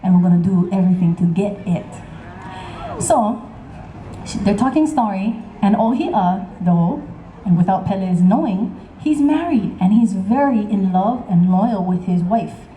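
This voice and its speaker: A woman telling a legend live to an audience in a lively, chatty, teasing way. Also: medium pitch, a little slow, a little hiss or hum. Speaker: storyteller. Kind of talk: live oral storytelling to an audience. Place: outdoor concert stage. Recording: echoey outdoor stage sound.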